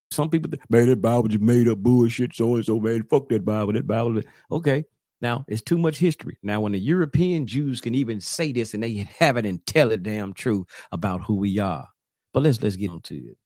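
A man's voice: mid-range voice, darkish tone, no echo. A man hosting a talk radio show, preaching loosely to listeners as his brothers and sisters and often restarting his phrases.

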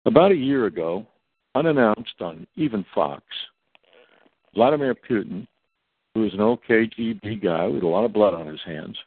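A man's voice: lowish voice, expressive, normal speed, husky, no room sound. A man speaking as a guest on a talk radio show, in a long emphatic monologue, spelling out acronyms letter by letter. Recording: tinny phone line.

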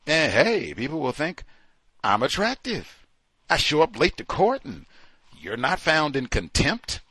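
A man's voice: mid-range voice, a bit bright, no room sound. Emphatic, indignant male talk-show host. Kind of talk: talk radio commentary.

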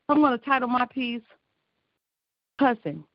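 A woman's voice: a little high, lively intonation, normal speed, no room sound. A woman from Illinois performs freestyle spoken word poetry down a muffled phone line. Her delivery is rhythmic, emphatic and brash, with plenty of cussing. The sound is dry, with no room around it. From Illinois, USA. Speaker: caller and spoken word poet. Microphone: phone call-in.

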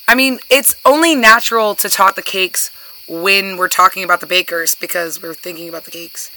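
A woman co-hosting a podcast in casual chat, relaxed and laughing, rambling through her explanations. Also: medium pitch, normal speed, rough recording. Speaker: podcast co-host.

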